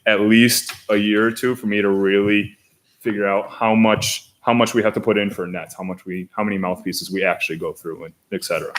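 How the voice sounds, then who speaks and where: A man at a school board meeting, explaining budget figures and talking his way through them with restarts and pauses. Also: fairly low pitch, steady tone. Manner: hesitant, thinking aloud with restarts. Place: meeting room.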